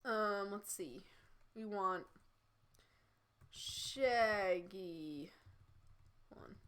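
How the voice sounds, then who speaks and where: Reading fanfiction on a live stream, a young woman speaks at a measured pace in a high, bright, pushed voice with lots of animation. She drifts into laughing, conversational asides between passages.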